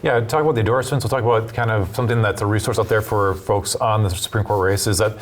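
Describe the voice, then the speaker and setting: Male commentator, lowish voice, animated and quick when he argues. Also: a little hiss or hum. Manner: animated storyteller, quick bursts when making points. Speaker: political commentator. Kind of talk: studio talk commentary.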